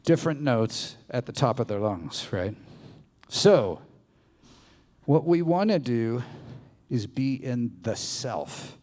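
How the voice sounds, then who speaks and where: Playful and animated, a Southern American public speaker works the crowd at a live bar venue during a motivational talk. His voice sits at medium pitch, and the space adds a long reverb.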